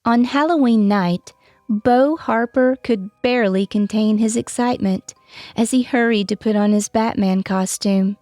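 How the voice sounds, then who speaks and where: Female storyteller for a bedtime audiobook; slow, gentle read-aloud, dry close sound. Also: a little high, no room sound, faint music behind. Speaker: storyteller and author.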